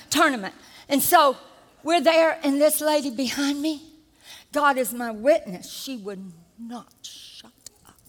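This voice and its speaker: Older woman, preacher, high voice, animated sermon with shouted peaks, long hall reverb. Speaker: pastor.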